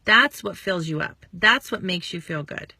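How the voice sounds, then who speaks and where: Woman, 30s, upbeat sales coach, chatty, mid-pitched, dry close recording. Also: animated, gravelly, pushed and bright, breathy edge, no echo. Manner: bubbly, chatty, acts out quick quoted dialogue. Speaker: network marketing coach. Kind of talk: casual motivational talk to followers.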